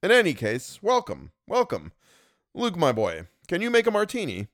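A man's voice: medium pitch, sing-song, normal speed, no room sound, clean studio sound, close to an everyday voice. A man reading an audiobook, voicing a cheerful, fussy older male doctor in an effusive, hearty manner.

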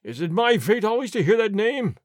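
A man voicing a big, hot-tempered army sergeant who roars and blusters in a booming voice, in an audiobook reading. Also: sing-song, normal speed, no echo, studio quality. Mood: blustering.

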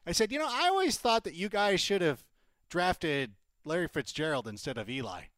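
A man's voice: a little high, sing-song, moderate pace, fairly bright tone, no room sound, clean studio sound. A man co-hosting a sports podcast in casual chat, teasing and enthusiastic. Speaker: podcast co-host.

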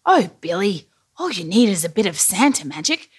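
Santa Claus, read by a woman, jolly and hushed. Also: mid-range voice, sing-song, normal speed, husky. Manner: warm, hushed and chuckling. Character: jolly gentle old man Santa Claus.

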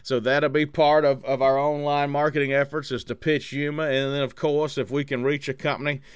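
A man's voice: mid-range voice, level tone, a little fast, clean tone, no echo. An enthusiastic man hosting a casual podcast interview, upbeat and friendly in manner. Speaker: podcast host.

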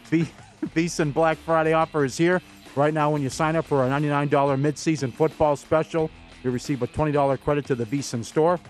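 A man's voice: a little high, fairly even intonation, a little fast, faint music behind. A man co-hosting a sports betting talk show, laughing easily and reading ads in a casual way. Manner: laughs often, chewing and mumbling at times.

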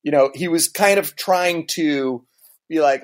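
A man's voice: fairly high pitch, unhurried. A man co-host breaking down a TV episode in casual chat, theatrical and emphatic. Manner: theatrical, bursts into outraged mock shouting. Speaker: podcast co-host. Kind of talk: casual chat, recapping a TV show.

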